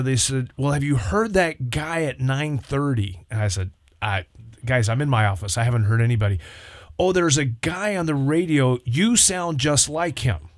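A man's voice: medium pitch, no echo, clean studio sound. A man, a pastor co-hosting a radio talk show, telling stories in casual chat and acting out the voices of the people in them. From Southern California. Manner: animated storyteller, acts out quoted voices.

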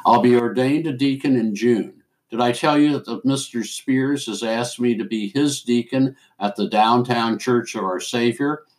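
A man's voice: mid-range voice, normal speed, few pauses, natural voice, low-quality recording. A man reading aloud and voicing an earnest young woman, a divinity student, who speaks directly.

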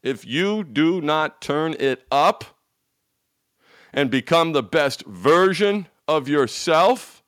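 A man gives a motivational coaching talk, hammering points home with repetition and frank, salty language. His voice sits fairly high and jumps between loud bursts and hushed lines. The sound is dry and close. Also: lively intonation, slow, no room sound. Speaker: addiction recovery coach.

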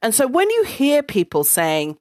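A woman telling a personal story in a casual, blunt monologue. She swears freely and speaks with an animated delivery. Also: fairly high pitch, a little slow, no echo, studio quality.

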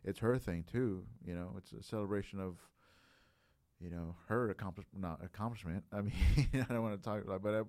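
A man's voice: lowish voice, a little fast, a little mellow, no room sound. A man in his late thirties chatting casually on a podcast, reflective and rambling, full of filler phrases. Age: late 30s.

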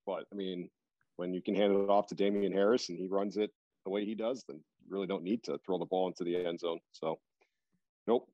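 A man's voice: low-pitched, steady tone, a little fast, warm tone, no echo. A man chatting casually about sports on a podcast, rambling with lots of fillers and restarts. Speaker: podcast guest. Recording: dull, dry lo-fi recording.

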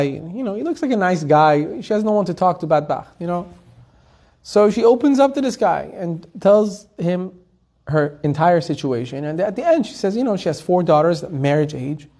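A man teaching a weekly Torah class, telling a story with lively acted quotes and quick restarts. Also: high voice. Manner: animated storyteller, quick restarts and repeated words.

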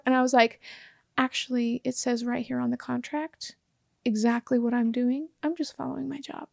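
A woman co-hosting a casual chat, telling an animated story, acting out the dialogue and often breaking into laughter. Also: a little high, normal speed, vocal fry, no room sound, clean studio sound. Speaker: podcast co-host.

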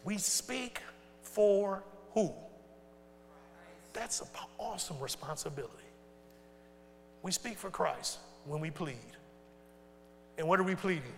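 A male pastor preaching a sermon in casual, folksy speech, asking the congregation questions and swinging from loud to hushed. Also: on the high side, expressive, normal speed, creaky, long pauses, a little hiss or hum. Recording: long reverb in a large hall.

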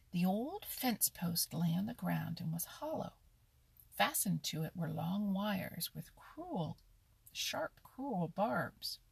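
A woman reads a children's animal story aloud in a slow, expressive manner. Her voice is low and husky with some gravel in it. The recording is close and dry. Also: dry recording. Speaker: narrator. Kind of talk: storybook reading.

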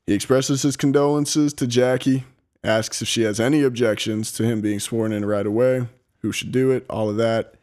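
A man's voice: medium pitch, fairly even intonation, normal speed, a little mellow. A young man narrates history in a loose, profane podcast voice, reading from his script and breaking off to joke. He sounds like he is recording at home on a laptop. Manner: profane, laughing, reads from a script. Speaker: podcast host. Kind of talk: casual storytelling chat. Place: apartment.

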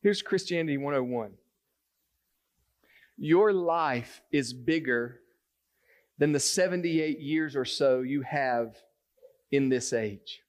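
A man's voice: medium pitch, measured pace. A man preaching a sermon to a congregation, earnest and building to emphatic points as he reads scripture. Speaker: pastor. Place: church sanctuary.

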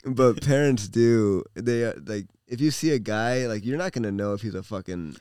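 A man's voice: on the low side, moderate pace, darkish tone, clean tone, dry recording, studio quality. Laid-back joking male guest. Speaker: podcast guest. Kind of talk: casual chat.

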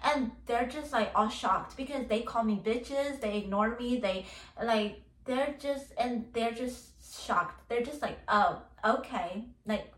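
High-voiced young woman ranting in an echoey room. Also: unhurried, far from the mic. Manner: ranting, heavy filler words, swears a lot. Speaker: podcast host. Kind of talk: casual venting monologue.

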